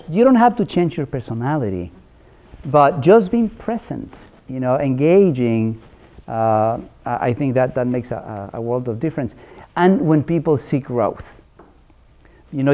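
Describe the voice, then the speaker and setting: Man giving an earnest, mellow ministry talk. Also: mid-range voice. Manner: earnest, with frequent restarts and rhetorical questions. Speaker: speaker at a ministry workshop. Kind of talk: conversational lecture. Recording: dull lo-fi sound.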